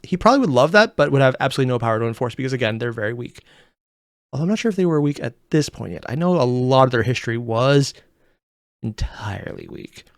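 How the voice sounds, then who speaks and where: A young man hosting a reaction video, chatting casually and rambling with unsure asides in quick bursts. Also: medium pitch, lively intonation, dry recording, clean studio sound.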